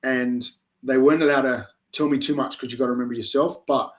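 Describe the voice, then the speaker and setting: A young man from South Australia, an army reserve recruit answering interview questions in a casual, animated way with lots of restarts. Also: medium pitch, fast talker. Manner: animated storyteller with many restarts.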